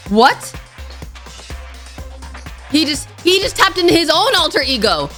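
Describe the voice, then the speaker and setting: A young woman gaming streamer chatting and joking to her viewers as she plays, animated and chatty. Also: sits high, unhurried, long pauses, faint music behind. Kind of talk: let's-play commentary.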